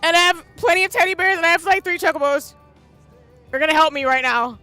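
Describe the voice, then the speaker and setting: A woman's voice: very high-pitched, fast, pushed and bright, dry recording, soft background music. A woman streaming a game and chatting casually, emotional and gushing, breaking into tears. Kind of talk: casual live-stream commentary.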